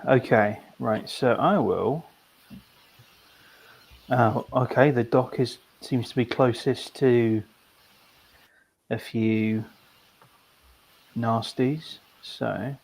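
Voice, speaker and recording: A man's voice: medium pitch, takes it slowly, vocal fry, long pauses. A man playing a tabletop game, talking hesitantly as he thinks aloud. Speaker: player.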